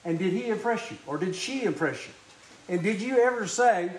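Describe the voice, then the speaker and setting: A man preaching a sermon in church who keeps clearing his throat, coughs, and asks the congregation questions. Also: high-pitched, animated, a little fast.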